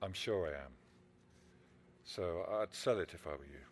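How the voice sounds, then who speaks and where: A man's voice: low-pitched, normal speed, slight background noise, lightly acted. An actor playing an easygoing man who jokes around and slips into a mock Italian accent, in a radio drama. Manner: breezy, joking, puts on a mock Italian accent. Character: easygoing adult man, the woman's partner.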